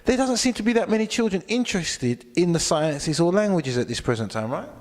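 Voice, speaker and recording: A man, interviewing a guest at an event in a lively, emphatic, chatty way. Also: high-pitched, fairly quick, in a large hall. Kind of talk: event interview for online channel.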